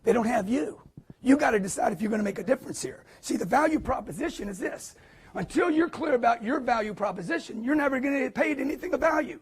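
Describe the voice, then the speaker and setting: A man giving a live motivational sales talk to an audience, emphatic and preachy, with punchy repetition and quick acted-out quotes. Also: extremely high pitch, expressive, husky. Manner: acts out quotes in put-on voices.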